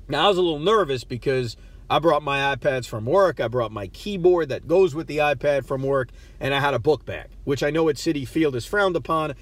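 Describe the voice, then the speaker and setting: Recorded dry in a parked car, a podcast host with a mid-range voice tells a laid-back story at his own expense. He stammers often and keeps restarting his thoughts.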